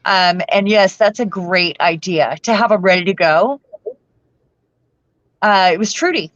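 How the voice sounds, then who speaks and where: A woman's voice: medium pitch, measured pace, no echo, muffled recording. A woman co-hosting a casual craft stream, laughing often and giving tips to viewers. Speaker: co-host. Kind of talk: casual chat while crafting.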